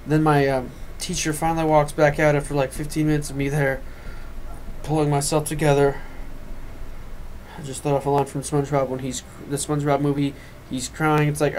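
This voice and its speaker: A man telling a personal story on his vlog, rambling and drifting off into quick asides. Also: on the high side, fairly even intonation, slight background noise. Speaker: vlogger.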